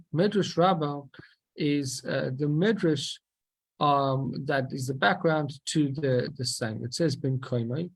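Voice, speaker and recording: Husky-voiced man teaching a text. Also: a little high, slow pace. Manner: explanatory, asks and answers his own questions, frequent restarts. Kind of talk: explaining a text in a class.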